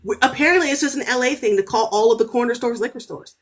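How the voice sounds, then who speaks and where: A woman author telling stories as a podcast guest in casual, animated chat, cursing freely. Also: fairly high pitch, fast talker, a little hiss or hum. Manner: animated, storytelling, swears freely.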